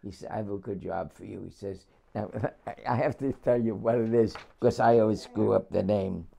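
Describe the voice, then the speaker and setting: An older man from New City, telling his war memories in an oral history interview with frequent chuckles and halting restarts. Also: on the low side, vocal fry, dark tone. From New York City.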